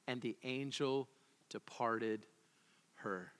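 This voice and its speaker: Man, pastor, animated conversational sermon, bright tone, big hall reverb. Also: high-pitched, moderate pace. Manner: animated, conversational, asks the congregation questions. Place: church sanctuary. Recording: echoey hall.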